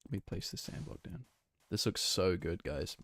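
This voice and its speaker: This streamer's deep, slightly bright voice is animated and clean with no echo, at normal speed. Building in a block game, he chats with his live audience in an easygoing ramble packed with fillers and self-corrections.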